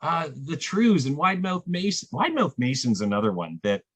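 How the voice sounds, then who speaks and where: Animated, husky-voiced man. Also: moderate pace, no echo. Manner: animated storyteller, jumps pitch when quoting others. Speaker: festival programmer. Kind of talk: casual podcast chat.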